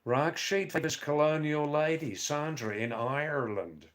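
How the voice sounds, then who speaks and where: A man hosting a live stream, reading out viewers' chat comments and answering them in a slow, rambling way with dry teasing asides. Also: on the high side. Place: Nepal or India.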